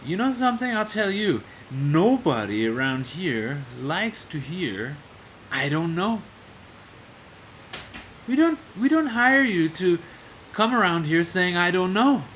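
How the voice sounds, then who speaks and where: A man's voice: high-pitched, moderate pace, bright, forceful tone, slight background noise, voice pushed up. A man mimicking his vain, demanding boss in a raised, pompous, indignant voice. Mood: scolding. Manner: pompous, self-satisfied, then whiny and indignant. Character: vain, demanding middle-aged male boss.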